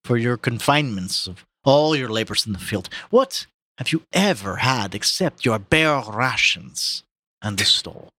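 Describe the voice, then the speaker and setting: This is a comic dramatic reading, with a man playing an aged boar who stirs up the farm animals through fiery speeches in a fake Russian accent. He sounds animated, bright and forceful, a little slow, heavily acted and mournful, booming his speeches and sometimes breaking character to laugh. There's no room sound.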